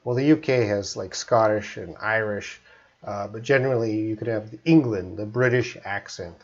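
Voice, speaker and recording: A Canadian man teaching English on a live stream, explaining slowly with frequent pauses. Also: on the low side, highs cut off.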